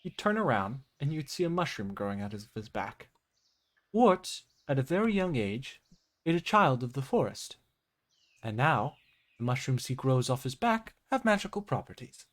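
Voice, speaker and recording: A young man running a tabletop game as game master, with animated, jokey narration. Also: mid-range voice, normal speed.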